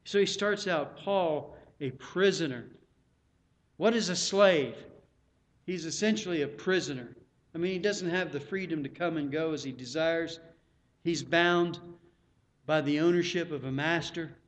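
A middle-aged male pastor preaching a sermon, earnest and pleading, building to loud emphatic peaks. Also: a little high, measured pace.

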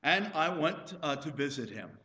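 A man's voice: a little high, very animated, normal speed, pushed and bright, echoey room. A male pastor preaching a sermon, telling folksy stories and asking the congregation questions.

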